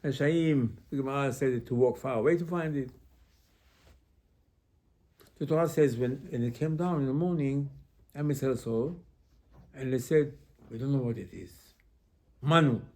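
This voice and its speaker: A man, a rabbi, giving an informal Torah class in halting phrases, full of rhetorical questions. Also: mid-range voice, darkish tone. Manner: conversational, asks rhetorical questions.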